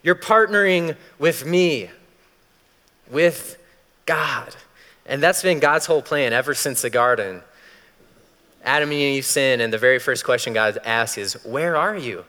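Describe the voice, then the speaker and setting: A man's voice: mid-range voice, unhurried, long pauses, sharp tone, smooth. A man preaching a sermon as pastor, talking casually and animatedly, acting out voices when he quotes. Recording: long hall reverb.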